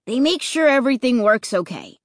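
A woman reading an audiobook, voicing an excited, reckless boy who talks high and loud. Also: a little fast, no echo, clean studio sound. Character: excited reckless boy, thrill-seeking and gleeful.

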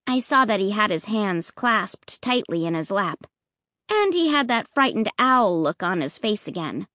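A woman narrating a children's horror story in the first person with an expressive, suspenseful delivery. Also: mid-range voice, unhurried, no room sound, clean studio sound. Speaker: audiobook narrator.

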